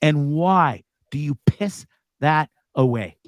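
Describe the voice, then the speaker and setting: A man's voice: a little high, animated, slow, no echo, studio quality. A man hosting a live talk show, ranting casually with lots of profanity. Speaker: host.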